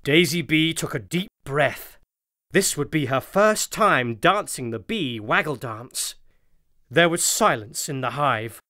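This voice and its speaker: A narrator reading children's stories in an animated, expressive way. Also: mid-range voice, slow. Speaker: audiobook narrator.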